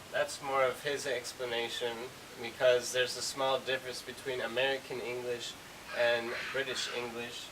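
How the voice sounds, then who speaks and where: Man, English teacher, hesitant with ums, mid pitch, distant mic, clear hiss. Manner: hesitant, many ums, explains step by step. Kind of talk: casual language lesson. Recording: hissy recording from a distance.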